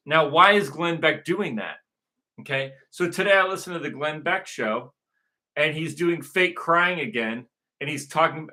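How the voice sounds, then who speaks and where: Bright-voiced man ranting. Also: a little high. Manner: repetitive, profane, emphatic. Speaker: show host. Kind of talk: ranting monologue.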